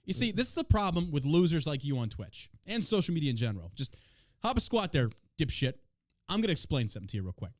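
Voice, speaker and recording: A man's voice: a little high, big pitch swings, quick pace, no echo, clean studio sound. A man hosting a podcast in casual chat, brash, profane and mocking as he reacts to the news and to his chat. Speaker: podcast host.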